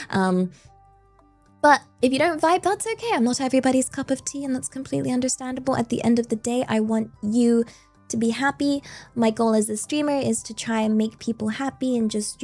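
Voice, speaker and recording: A woman's voice: a little high, dark tone. A young British woman streaming, chatting in a playful, rambling way. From Britain. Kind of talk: casual live-stream chat.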